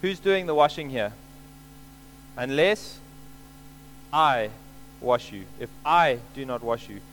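A man's voice: medium pitch, animated, slow pace, fairly bright tone, slight background noise, poor audio. A man preaching a sermon, explaining scripture earnestly and repeating key points for emphasis.

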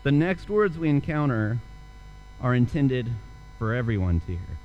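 A man's voice: medium pitch, very animated, moderate pace, a little mellow, muffled recording, a little hiss or hum. A young man preaching a sermon, telling a story and then asking earnest rhetorical questions. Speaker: pastor.

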